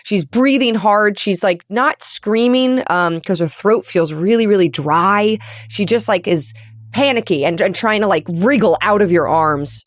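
A woman's voice: medium pitch, measured pace, dry recording, studio quality. A woman describing her character's actions in a tabletop role-playing game, rambling with many restarts. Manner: rambling, lots of likes and restarts. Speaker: player.

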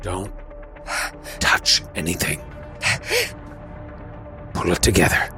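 A man voicing a gruff clown who talks a panicked friend down in low, urgent, hushed tones. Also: fairly even intonation, slow, music in the background, full character voice.

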